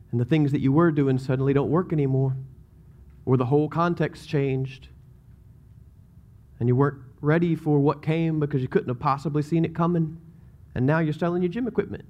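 A man's voice: a little high, darkish tone. Southern US man preaching casually. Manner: casual, rambling, self-interrupting. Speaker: pastor. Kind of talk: sermon.

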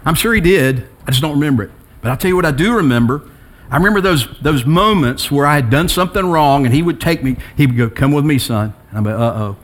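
A middle-aged man preaching a sermon as pastor, telling personal stories between quiet reflection and emphatic rises. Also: fairly high pitch, animated, fast.

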